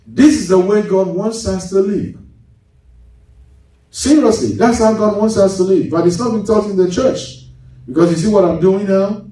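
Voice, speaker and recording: A man preaching a sermon as pastor, lively, going from loud to hushed and laughing as he tells stories. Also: high-pitched. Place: church. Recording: echoey church hall, mic at a distance.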